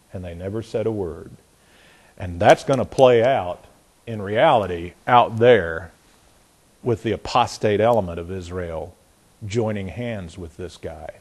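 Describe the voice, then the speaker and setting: Animated man teaching scripture. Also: medium pitch. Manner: animated, often restarts and repeats words; mocks the quoted speaker with sarcastic outbursts. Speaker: Bible teacher. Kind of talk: verse-by-verse Bible teaching. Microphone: chart on a board behind him.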